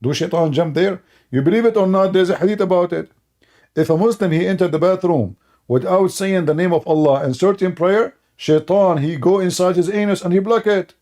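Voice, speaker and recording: A man's voice: high-pitched, fairly quick, mellow. A man giving a sarcastic, mocking commentary monologue in broken, non-native English, laughing at his own points. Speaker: online religion critic.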